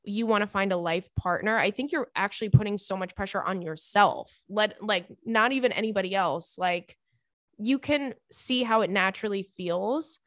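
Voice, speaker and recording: Woman podcast host, chatty, excitable, casual swearing, dry close sound. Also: medium pitch, normal speed, no room sound. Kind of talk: casual podcast chat and listener letter reading.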